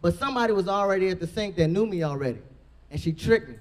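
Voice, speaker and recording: A woman with a deep voice doing a brash, profane stand-up comedy set. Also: expressive, fast talker.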